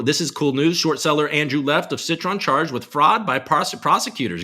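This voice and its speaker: A man's voice: fairly high pitch, sing-song, moderate pace, few pauses, pushed and bright. A man hosting a casual live stream, reading headlines aloud and reacting with profane, rambling commentary. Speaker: crypto show host.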